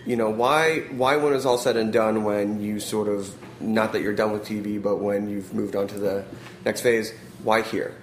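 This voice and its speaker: A male host with a somewhat low voice asks long, meandering questions, padding them with fillers. The sound is roomy, with an audible echo, and a faint hiss sits in the background. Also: fairly even intonation, moderate pace. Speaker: podcast host, interviewer. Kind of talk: casual interview questions.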